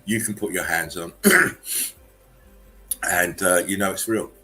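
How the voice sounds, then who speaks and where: A man with a low, bright and forceful voice hosts a casual livestream, joking crudely and breaking into laughter and coughs. Faint music plays behind him. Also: unhurried, rough recording. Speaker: livestream host. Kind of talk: casual chat.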